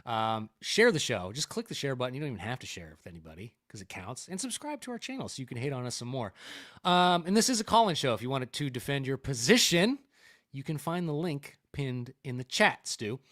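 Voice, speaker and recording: An energetic man hosting a live call-in stream, his voice bright and his pitch lively. He jokes around and laughs a lot with his co-host. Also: brisk. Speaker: host of a call-in political show. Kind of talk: casual live-stream talk.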